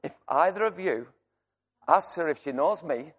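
A preacher doing a quietly menacing judge. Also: male voice, on the high side, animated, normal speed. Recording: long reverb church hall.

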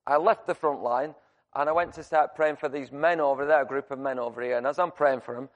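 A man preaching a sermon, telling a personal story in a conversational, animated way with many restarts. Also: mid-range voice, fairly quick, dull audio. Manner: shouts to act out screaming.

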